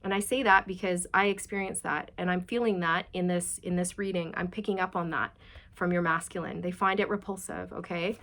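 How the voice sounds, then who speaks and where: A woman's voice: lowish voice, steady tone, a little fast, a bit bright. A woman giving a chatty, reassuring tarot reading and passing on channeled messages directly to her viewers. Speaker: tarot reader.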